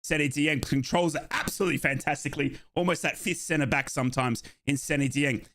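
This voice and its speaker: A man hosting a live match watchalong, calling the play and breaking into excited shouts at big moments. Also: on the high side, a little fast. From Australia. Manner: excitable, bursts into shouting at goals. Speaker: watchalong host.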